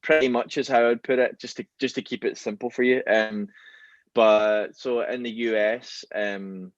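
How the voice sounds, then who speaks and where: A man's voice: medium pitch, fairly even intonation, moderate pace, no echo, dull audio. A man with a Glaswegian Scottish accent chatting casually as a podcast guest, rambling with lots of fillers and restarts. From Scotland. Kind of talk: casual chat.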